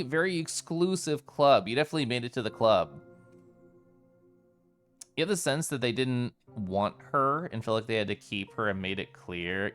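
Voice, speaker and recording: A man's voice: medium pitch, a bit bright, smooth. A man streaming a story game live, reflecting on the plot and greeting chat in a chatty, thoughtful way.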